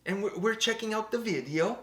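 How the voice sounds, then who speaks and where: A man's voice: high voice, animated, fairly quick, a bit bright. A man hosting a music reaction video in casual, self-mocking chat, often stammering and restarting. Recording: echoey room.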